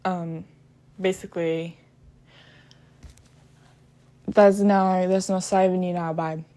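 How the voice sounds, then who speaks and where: A woman's voice: on the low side, little pitch movement, slow pace, dark tone. A woman retelling a true crime case in a casual way. She keeps stumbling and restarting, and she breaks in with blunt, profane asides. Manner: hesitant, with frequent restarts and "um".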